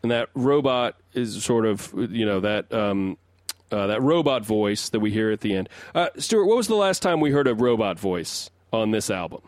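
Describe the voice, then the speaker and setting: A man's voice: lowish voice, lively intonation, normal speed, no echo, studio quality. A man co-hosting a music podcast, rambling through his analysis in casual chat, often restarting sentences as he builds his point. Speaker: podcast co-host and resident song analyst.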